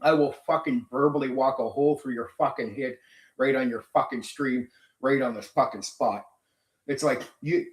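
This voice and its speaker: Man, blunt and profane, combative rant, highish voice, echoey room. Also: moderate pace. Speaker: channel host. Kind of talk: casual monologue rant.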